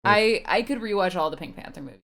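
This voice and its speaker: A woman's voice: mid-range voice, lively intonation, quick pace, fairly bright tone. A woman co-hosting a podcast, chatting casually and rambling with lots of filler words and swearing. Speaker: podcast co-host. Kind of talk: casual chat.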